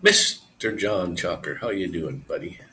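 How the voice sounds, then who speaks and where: A man's voice: deep voice, a little slow, slight background noise, low-quality recording. A man live streaming, chatting casually and rambling to his viewers. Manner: rambling, relaxed, talks to viewers.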